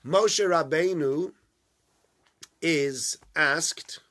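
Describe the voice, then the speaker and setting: Guy teaching a torah lesson, bright voice, tells stories and acts out the bits. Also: on the high side, drawn-out words. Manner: animated storyteller, acts out dialogue.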